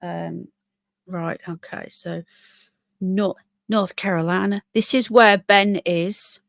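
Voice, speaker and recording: This livestream host is a woman from Britain with a lowish, creaky voice, a steady tone and a slow pace, recorded without echo. Her casual stream is chatty and rambling, and she reads figures out with many fillers.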